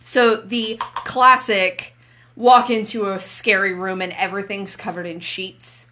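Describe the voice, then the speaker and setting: With slight noise in the background, a podcast co-host talks movies in a relaxed way, bringing her stories to life by acting out exchanges with her husband. She speaks in a mid-range voice at a measured pace.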